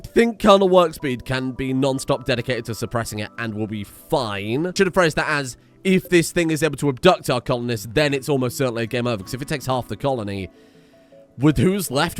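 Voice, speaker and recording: A British man giving excitable, sweary commentary while playing a video game, swinging between loud outbursts and low muttering. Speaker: let's play host. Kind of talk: gameplay commentary.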